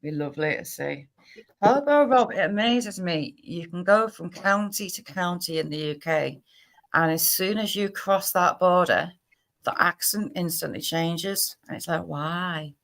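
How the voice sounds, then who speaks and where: A woman with a Cumbrian accent hosting a casual livestream chat, talking quickly and laughing often. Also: lowish voice, vocal fry, fairly bright tone. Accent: Cumbrian English. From Cumbria, England. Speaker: livestream host.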